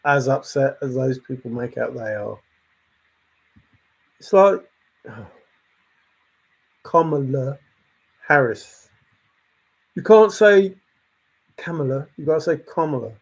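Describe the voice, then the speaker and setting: A man who hosts a channel, ranting in a casual, exasperated way and repeating his points. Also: mid-range voice. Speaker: channel host. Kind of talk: casual opinion rant.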